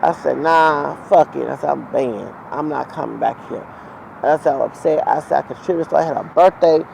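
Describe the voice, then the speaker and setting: A man's voice: on the high side, brisk, vocal fry, a little mellow, poor audio. A man telling a heated, profane, rambling story as a vlogger, outdoors near traffic. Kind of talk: ranting storytime monologue.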